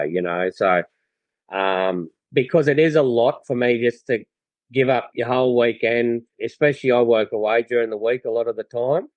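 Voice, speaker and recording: A man's voice: mid-range voice, steady tone, normal speed, no echo, muffled recording. Laid-back Australian man telling stories. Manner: laid-back storyteller, lots of fillers and restarts. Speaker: podcast guest. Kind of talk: casual chat.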